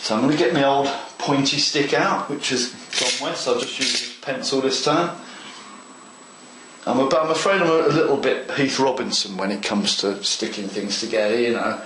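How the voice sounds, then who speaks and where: A man's voice: medium pitch, moderate pace, reverberant, background noise. A man hosting a model railway tutorial, chatting eagerly to the viewer as he works through a hands-on craft demonstration. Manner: chatty and enthusiastic, talks to the viewer.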